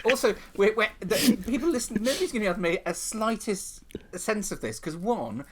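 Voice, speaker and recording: A man's voice: high-pitched, lively intonation, normal speed. Brief: older male comic, wry and self-mocking, spins stories with theatrical flair. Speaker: guest comedian. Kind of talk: casual podcast conversation.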